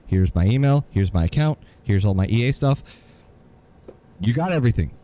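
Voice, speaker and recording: Animated exasperated man ranting. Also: mid-range voice, moderate pace. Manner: exasperated storytelling, sarcastic. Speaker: podcast co-host. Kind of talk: casual ranting podcast chat.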